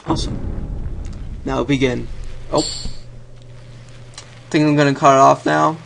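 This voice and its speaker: A man's voice: medium pitch, steady tone, unhurried, gravelly, fairly bright tone, a little hiss or hum. A young man commentating on his own game play, chatty and talking to the game and himself. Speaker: gaming youtuber.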